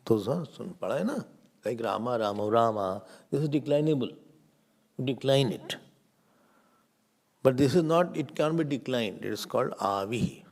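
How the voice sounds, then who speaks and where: Man, swami teaching a class; lively, swooping pitch; quizzes the room and answers himself. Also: brisk, gravelly, pauses often, breathy edge. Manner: questions the class and answers himself, sudden loud stresses. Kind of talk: scripture class.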